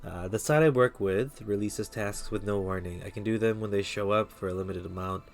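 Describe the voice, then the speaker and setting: A man voicing a worldly bar patron who tells dark stories, in a put-on, vaguely Russian accent with a measured, lowered delivery while reading game dialogue aloud. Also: gravelly. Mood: storytelling. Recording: faint music behind.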